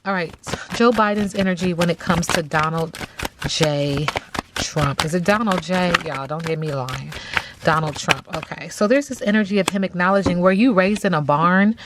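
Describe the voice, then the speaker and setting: A woman giving a casual tarot reading in a chatty, drawn-out way, often checking in with "okay?". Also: fairly low pitch, heavy background noise. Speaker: tarot reader.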